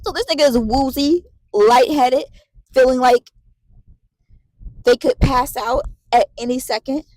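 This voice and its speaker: A woman in her late twenties telling a story to the camera, animated and profane, repeating herself as she vents. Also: sits high, a little slow, no room sound, rough recording. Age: late 20s. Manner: animated, profane, repetitive venting. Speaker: vlogger.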